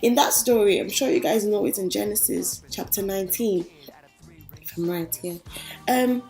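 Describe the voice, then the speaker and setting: A woman's voice: medium pitch, moderate pace, darkish tone, soft background music. A young woman talking earnestly and casually to her viewers about her faith, like an online vlogger. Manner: earnest and chatty, addresses viewers as guys. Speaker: Christian vlogger. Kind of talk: casual inspirational faith talk.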